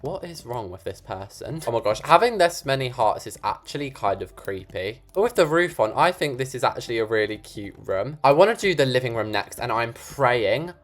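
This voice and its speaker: A British teenager chatting through a building game, excitable and talking right to the viewers. The voice swoops up and down with a lot of lively pitch movement. It sits at a middle pitch. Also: moderate pace, hardly any pauses. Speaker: gaming video creator. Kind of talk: casual gameplay commentary.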